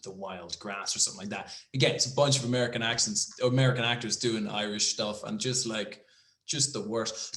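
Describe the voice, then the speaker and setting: A man's voice: on the low side, fairly even intonation, fairly quick, fairly bright tone, echoey room. A man co-hosting a podcast, chatting casually, rambling with many restarts and some swearing. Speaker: podcast co-host. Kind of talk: casual chat.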